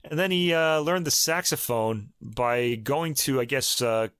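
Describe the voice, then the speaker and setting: A man co-hosting a music podcast, chatting casually and thinking aloud with many pauses and ums. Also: medium pitch, a bit bright, clean tone, dry recording, studio quality. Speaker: podcast co-host. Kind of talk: casual chat about recordings.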